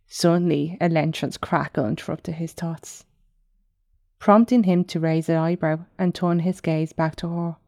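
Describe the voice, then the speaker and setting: A woman narrating her own fantasy novel in a steady, unhurried audiobook reading. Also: deep voice, gravelly, dry recording, studio quality.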